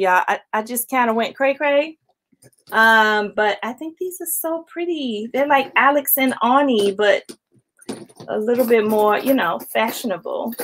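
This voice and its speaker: A woman with a voice a little higher than most talks casually through a haul on a late-night stream at home. She chats easily and keeps calling her viewers y'all. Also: a little hiss or hum. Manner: chatty, addresses viewers as y'all, greets chat commenters. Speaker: planner vlogger hosting a late-night live stream. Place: at home, indoors.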